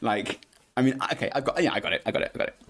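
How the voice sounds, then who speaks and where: A man's voice: mid-range voice, rapid-fire, a bit bright. A man, a guest on a podcast, chatting playfully and laughing often. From England. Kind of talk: casual interview chat.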